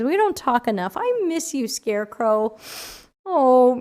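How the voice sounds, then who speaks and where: A woman hosting a casual livestream Q&A, chatty and animated, reading chat questions aloud, her voice tired after an hour of talking. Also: high-pitched, a little slow. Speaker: livestream AMA host.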